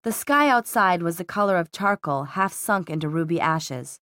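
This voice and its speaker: Reading scripted audiobook narration, a woman keeps her storytelling calm and even. She has a fairly low voice and a moderate pace, and the clean studio recording has no echo.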